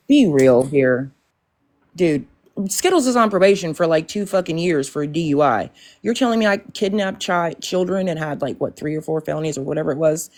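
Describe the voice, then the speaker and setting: A woman hosts a casual live stream, blunt and exasperated, swearing freely as she rants. Her voice sits a bit low for a woman. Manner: blunt, profane, exasperated ranting. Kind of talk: casual livestream chat.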